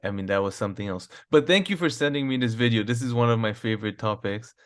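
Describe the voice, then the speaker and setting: A man co-hosting a casual political podcast, relaxed and chatty, laughing often. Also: medium pitch, fast. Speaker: podcast co-host.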